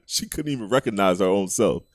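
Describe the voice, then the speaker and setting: Laid-back male podcast co-host, slangy and quick to laugh, low voice with a lively swing, dry close sound. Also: no echo. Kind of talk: casual chat.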